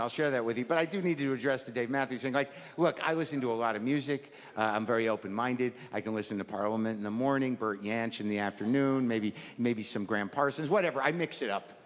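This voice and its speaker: A middle-aged man doing a neurotic, rambling stand-up routine on a club stage, exasperated and prone to sudden shouted outbursts, with audience laughter behind him. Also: mid-range voice, fast. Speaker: stand-up comedian. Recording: live club recording with long reverb and noise.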